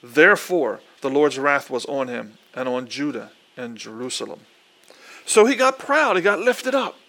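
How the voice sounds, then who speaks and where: A man preaching a sermon, reading scripture aloud, leading a prayer and telling the story in earnest, animated quoted dialogue. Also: mid-range voice, normal speed.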